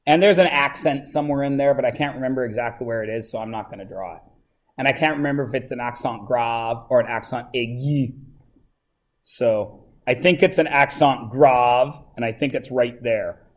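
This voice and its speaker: A man's voice: mid-range voice, moderate pace. Chatty, joking male math teacher. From Canada. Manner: chatty and joking with the students, asks lots of questions. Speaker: high school math teacher. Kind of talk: classroom lesson. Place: classroom.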